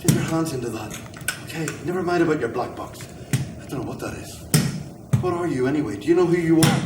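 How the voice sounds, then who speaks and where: A take-charge fire chief, voiced by a man talks someone up gently and steadily. His pitch is a touch raised, and he sounds set back from the mic. Room echo and background noise fill the recording. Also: lively intonation, fast, lightly acted. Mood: coaxing. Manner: coaxing, reassuring. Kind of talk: amateur audio drama. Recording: roomy, distant mic, noisy background.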